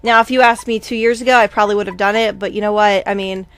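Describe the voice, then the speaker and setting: Hosting a let's play, a woman gives casual, chatty commentary on a video game, rambling with many asides. She talks fast in a mid-range voice with fairly even intonation, over a little hiss or hum.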